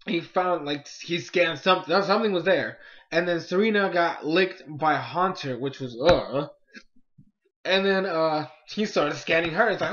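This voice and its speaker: A young man casually reviewing a cartoon episode, excitable and rambling with lots of fillers. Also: fairly high pitch, moderate pace, muffled recording. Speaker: YouTube anime reviewer.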